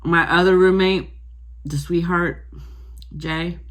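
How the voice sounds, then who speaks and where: A woman's voice: lowish voice, slow. A woman vlogger defiantly retelling an argument, acting out both sides of the exchange. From Florida. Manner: defiant, animated retelling with quoted back-and-forth. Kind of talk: casual storytelling.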